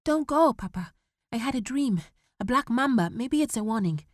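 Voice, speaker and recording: Woman reading as a scared 14-year-old boy in a storybook, high, urgent and pleading, dry close sound. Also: expressive, normal speed, dry recording, lightly acted.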